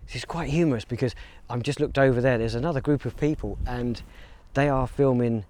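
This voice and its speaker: A man's voice: mid-range voice, fairly quick, a little mellow. A man, chatting casually in a walking vlog in an outdoor field and talking playfully to the cows around him. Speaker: vlogger. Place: outdoor field beside a stone circle. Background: faint outdoor ambience with cows.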